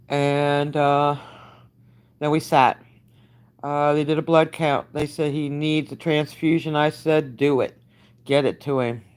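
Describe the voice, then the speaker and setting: An older woman giving a halting, emotionally worn-out live update, greeting her viewers by name and using many fillers. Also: deep voice, darkish tone, smooth. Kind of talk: live-stream chat update.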